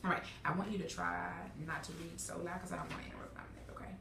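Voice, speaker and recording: A woman's voice: on the low side, fairly even intonation, racing, creaky, noisy background. Woman teacher, roomy classroom, far from mic. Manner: encouraging, checks in with "okay?" and "all right?". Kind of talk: classroom instruction.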